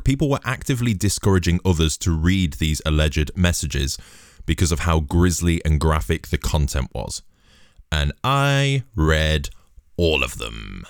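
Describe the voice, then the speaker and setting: A man's voice: a bass voice, clean tone, no room sound, clean studio sound. A man delivering a rambling, sweary, sardonic comedic monologue in a casual style.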